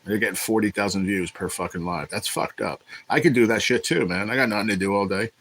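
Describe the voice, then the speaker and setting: A man's voice: on the low side, fast talker, a bit bright, a little hiss or hum, low-quality recording. A man hosting a casual livestream, talking in a blunt, profane, irritated way. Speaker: livestream host.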